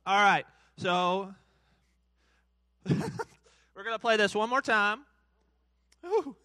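A man's voice: high-pitched, very animated, drawn-out words, pushed and bright, dry recording. A man hosting a live church game for kids and a crowd, playful and hyped, cheering countdowns and teasing the players. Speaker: children's church game host. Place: church hall.

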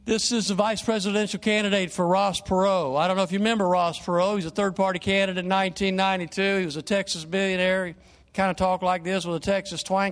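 Older male evangelist with a slightly raised pitch. Earnest sermon delivery with a long hall reverb. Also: quick pace. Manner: earnest preaching, swings from hushed prayer to animated storytelling. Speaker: guest evangelist. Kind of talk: sermon and prayer. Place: church sanctuary.

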